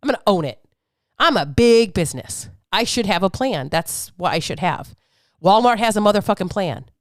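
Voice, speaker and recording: Medium-pitched and dryly recorded up close, a woman in her thirties who coaches fitness and hosts a podcast goes on an unfiltered rant, blunt, profane, fired-up and preachy.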